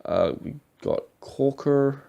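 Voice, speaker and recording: A man's voice: medium pitch, animated, takes it slowly, gravelly, mellow, smooth, lo-fi sound. A young man giving rambling, casual commentary over his football game footage, swearing now and then. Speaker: gaming YouTuber.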